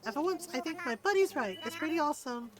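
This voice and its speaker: A woman reading game dialogue aloud as a bubbly young female traveler, chirpy and excited. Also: sits high, fast, pitched above the performer's own voice.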